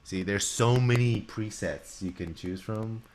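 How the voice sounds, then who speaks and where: Low-voiced man narrating his live composing. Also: measured pace, background noise. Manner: talks through software steps while working, chatty with restarts. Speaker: music composer streaming live. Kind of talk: casual live-stream commentary.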